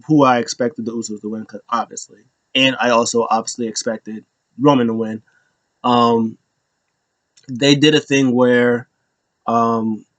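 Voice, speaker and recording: A man's voice: mid-range voice, no echo. Amused rambling wrestling recap guy. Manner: rambling, amused retelling with frequent laughs. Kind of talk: casual chat.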